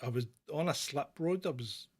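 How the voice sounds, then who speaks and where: Viewers' questions get blunt, opinionated answers from a middle-aged British host of a live Q&A chat, who rambles and restarts as he goes. His husky voice is fairly high in pitch, at a moderate pace.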